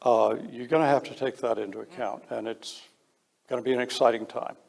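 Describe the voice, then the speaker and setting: Blunt gravelly man in a reverberant hall. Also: mid-range voice, fairly even intonation, fairly quick, darkish tone. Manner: blunt, emphatic, with many hesitations. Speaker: panel speaker on space law. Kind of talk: panel discussion.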